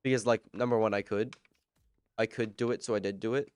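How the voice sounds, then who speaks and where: A man on a live game stream, talking casually and rambling as he answers chat between moves. His voice is smooth and clean, close to a desk mic with almost no room sound. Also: lowish voice, fairly even intonation, fairly quick, no echo.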